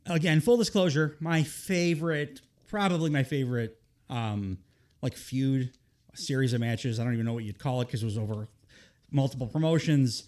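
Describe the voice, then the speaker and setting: A man co-hosting a podcast in casual chat about wrestling, enthusiastic and quick to laugh. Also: mid-range voice, darkish tone. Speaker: podcast co-host.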